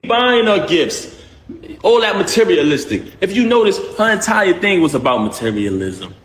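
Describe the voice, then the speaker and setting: A man in an interview clip, defending himself in an emphatic, animated way. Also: high-pitched, normal speed, reverberant. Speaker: rapper in played interview clip.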